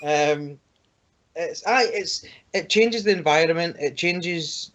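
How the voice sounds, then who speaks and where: A man's voice: on the high side, slow pace, a bit bright. Jokey man on a muffled call. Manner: laughs often, rambling and jokey. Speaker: podcast co-host. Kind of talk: casual chat. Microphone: home computer microphone on an online call.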